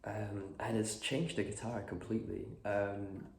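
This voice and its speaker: Here a guitar vlogger, somewhat low and creaky-voiced, is nursing a cold and clearing his throat during an easygoing chat. He speaks haltingly with plenty of fillers, and the echoey room carries faint background noise.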